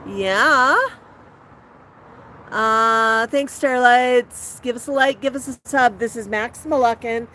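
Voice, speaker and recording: A woman's voice: fairly high pitch, slow, sharp tone, poor audio. A woman vlogging from an outdoor patio, chatting in a sing-song voice and baby-talking to her pet bird. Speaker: parrot owner and channel host. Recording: outdoor recording with street noise. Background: outdoor street ambience with passing cars.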